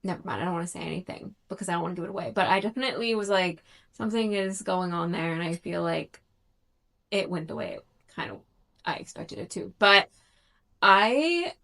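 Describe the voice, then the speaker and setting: A woman's voice: fairly low pitch, lively intonation, fairly quick, gravelly, bright, forceful tone. A thirty-year-old woman chatting casually in a reading vlog, talkative and self-conscious, with frequent fillers and restarts. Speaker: book vlogger.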